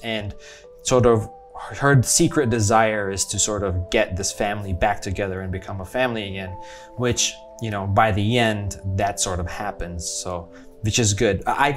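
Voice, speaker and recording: A man with an American accent giving a casual, rambling movie review, chatty and often correcting himself mid-sentence. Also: medium pitch. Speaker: film reviewer.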